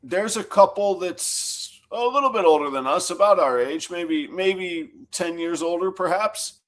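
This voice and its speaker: A middle-aged man with a somewhat high voice tells a story in a relaxed chat. His delivery is wry and joking, and he drops in dry asides as he goes. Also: a little slow. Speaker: podcast co-host. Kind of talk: casual chat.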